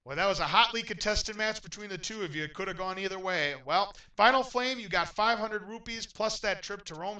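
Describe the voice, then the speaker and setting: A man hosting a game show in an upbeat, announcer-like way, getting loudly excited when a contestant wins. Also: sits high, recorded from a distance, rough recording.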